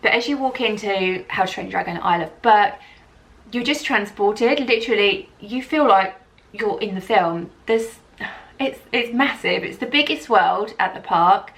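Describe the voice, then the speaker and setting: A woman vlogging to camera, talking with gushing, excitable enthusiasm. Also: mid-range voice, moderate pace. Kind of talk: travel vlog talking to camera.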